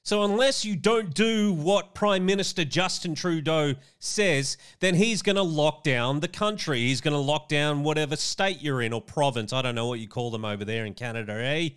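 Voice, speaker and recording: A man reacting to video clips with indignant, animated commentary and a running stream of chatty asides. His voice sits somewhat high and rings smooth and clear. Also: moderate pace, few pauses. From Australia. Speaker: political commentator.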